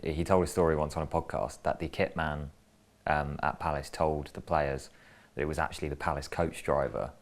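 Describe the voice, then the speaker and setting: A man with a remarkably deep voice asks casual questions across the table in a pub interview. He keeps his tone easy and conversational as he sets up each story. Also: steady tone, normal speed.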